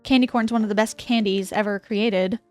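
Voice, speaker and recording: A woman's voice: mid-range voice, steady tone, brisk, dry recording, soft background music. Chatty woman, dry close sound. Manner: warm and enthusiastic, many fillers like "like". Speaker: podcast co-host. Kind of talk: casual chat, reading listener letters aloud.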